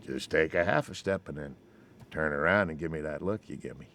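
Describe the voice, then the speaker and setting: An older man imitating a veteran cowboy film star giving a young actor slow, teasing instructions. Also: rumbling low, fairly bright tone, a little hiss or hum, voice pushed down. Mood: coaxing.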